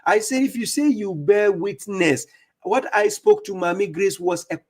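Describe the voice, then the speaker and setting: A man giving scolding religious commentary on a live stream, mocking opponents and reading verses slowly. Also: sits high, lively intonation. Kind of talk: preaching commentary on played clips.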